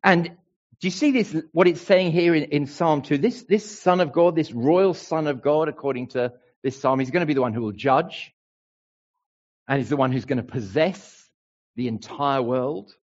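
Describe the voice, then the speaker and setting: A man's voice: a little high, normal speed, muffled recording. A man preaching a sermon to a congregation, emphatic and playful. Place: church hall with a congregation.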